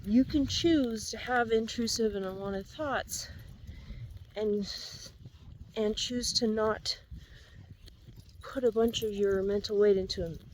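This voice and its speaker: A woman's voice: medium pitch, slow pace, long pauses, rough recording. A woman talking earnestly and encouragingly while out of breath on a windy outdoor walk with her dog, repeating herself as she gives advice. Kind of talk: casual walking vlog advice.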